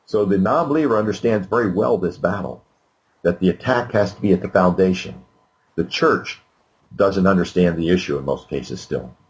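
A man's voice: sits low, animated, normal speed, low-quality recording. An older man, a guest speaker, answering interview questions in an earnest, emphatic way. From United States.

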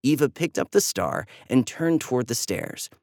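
Lively storybook narrator. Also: medium pitch, normal speed, vocal fry, no room sound, studio quality. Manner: animated, lively storybook reading. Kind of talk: children's story read aloud.

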